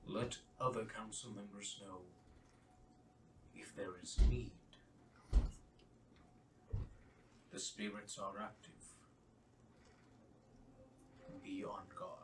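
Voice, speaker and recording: A man's voice: lowish voice, steady tone, unhurried, long pauses, natural voice. A man voicing a stern commanding king who questions visitors in a formal, grave way, recorded roomy from a distance. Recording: roomy, distant mic, faint hiss.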